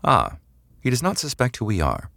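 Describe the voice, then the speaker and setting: A man's voice: medium pitch, huge pitch swings, normal speed, gravelly, fairly bright tone, no room sound, voice pushed up, heavily acted. A man voicing a detached artificial-intelligence drone that makes dry, wry asides. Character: detached AI drone companion, male.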